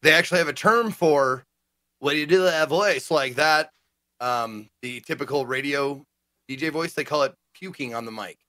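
A man's voice: a little high, normal speed, sharp tone, dry recording, clean studio sound. A man co-hosting a casual gaming talk show, playful and prone to mock announcer voices. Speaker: co-host. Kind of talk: casual chat.

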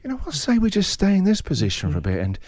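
A man in his forties tells a self-mocking story on the radio with a lively, swooping delivery that climbs into comic voices and groans. His voice sits a little high for a man. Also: fast, no echo. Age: 40s. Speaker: radio show host.

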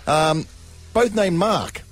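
A man's voice: sits high, slow pace, soft background music. A middle-aged man with an Australian accent, a radio co-host telling stories and acting out quoted voices. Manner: animated storyteller, acts out quotes. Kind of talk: storytelling on radio. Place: radio studio.

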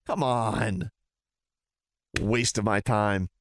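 A man's voice: fairly low pitch, steady tone, drawn-out words, a little hiss or hum. A man ranting heatedly and sarcastically as a sports talk host.

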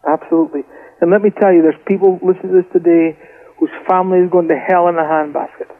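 A man's voice: high voice, fairly even intonation, quick pace. A Scottish man from Scotland, a guest preacher telling his family's testimony with fervour and frequent repeated words, heard over a phone line. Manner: fervent, repeats words while telling the story. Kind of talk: impassioned testimony storytelling.

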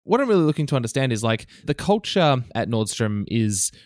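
A man's voice: medium pitch, big pitch swings, fairly quick, a little mellow, no room sound, clean studio sound. A man hosting an interview, asking long, winding questions with casual fillers. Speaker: podcast host.

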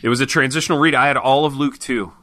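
A man's voice: mid-range voice, fast, a crowd in the background. A man co-hosting a podcast, telling stories in loose, joking banter and calling everyone "dude.". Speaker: podcast co-host.

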